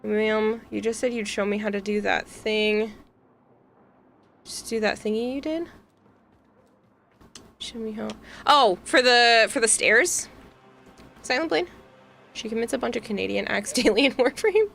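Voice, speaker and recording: A young VTuber from Massachusetts with a Boston accent chats with her livestream audience, reading and answering chat and giggling often. Her voice is on the high side and fairly bright, unhurried with vocal fry and frequent pauses, over soft background music.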